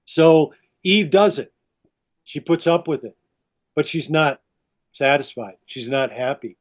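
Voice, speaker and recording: A man on a podcast telling a long story in a lively, animated way. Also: a little high, measured pace, long pauses, soft background music. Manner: lively, repeats 'all of a sudden'. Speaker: podcast guest.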